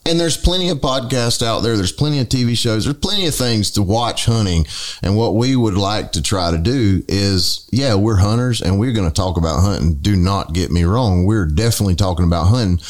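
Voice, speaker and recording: Low-voiced laid-back Southern man. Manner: laid-back, halting with restarts. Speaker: podcast co-host. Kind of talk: casual podcast chat.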